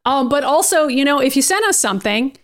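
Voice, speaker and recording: Woman, podcast co-host, casual chat, chatty and upbeat, a bit high-pitched. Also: animated, a little fast. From Boston area. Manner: chatty and upbeat, laughs easily.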